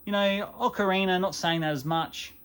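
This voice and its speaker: Aussie bloke doing a gaming vlog, chatty and self-mocking, voice sits a bit high. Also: male voice, steady tone, moderate pace, a bit bright, clear, resonant tone. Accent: Australian. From Australia. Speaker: gaming channel host. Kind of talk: casual vlog to camera.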